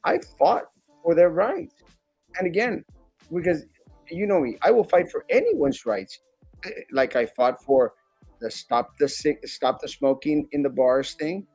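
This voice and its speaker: Over soft background music on a dry recording, a talk show guest who sits on a school board speaks unhurriedly in a fairly high voice. His delivery is casual, heartfelt and animated; he keeps restarting sentences, leans on fillers, and imitates critics mockingly.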